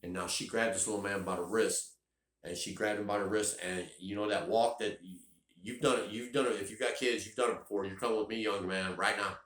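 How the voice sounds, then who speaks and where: A middle-aged man with a drawl spins a comic story, restarting sentences and tossing in "you know" and cusses. His voice is low-pitched but bright and forward, bouncing around an echoey room. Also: steady tone, fairly quick. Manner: rambling and profane, lots of restarts and "you know". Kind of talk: comedic personal storytelling.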